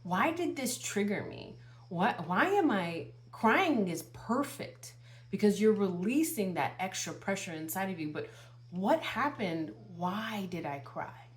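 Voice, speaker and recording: A woman tarot reader with a medium-pitched voice and big pitch swings talks a little slowly. In an earnest, channeled spiritual guidance monologue, she poses one rhetorical question after another to her viewers and repeats phrases.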